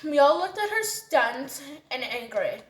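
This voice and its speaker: A woman's voice: high-pitched, big pitch swings, measured pace. A woman narrating a storytime in a chatty, casual way. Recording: roomy echo.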